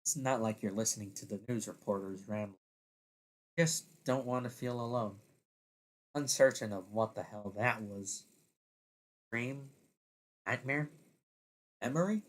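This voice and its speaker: Speaking at a medium pitch, a man narrates a second-person audio story deliberately, occasionally laughing at his own slips.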